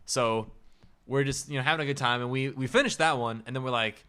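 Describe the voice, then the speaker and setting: A man's voice: mid-range voice, a little fast, bright, forceful tone, clear, resonant tone. A young man co-hosting a comedy podcast, telling a story with wry, teasing humor. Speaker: podcast co-host. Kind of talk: casual storytelling chat.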